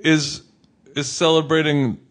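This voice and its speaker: A man's voice: on the high side, little pitch movement, moderate pace. A man co-hosting a podcast in casual chat, teasing and joking with his guest. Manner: teasing, jokey, fond of acted-out quotes.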